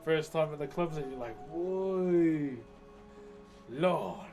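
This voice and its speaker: A man's voice: fairly high pitch, fast, a little mellow, faint music behind. A man, chatting casually with viewers on a live stream and telling jokey stories, laughing often. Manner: laid-back, jokey storytelling with frequent laughs.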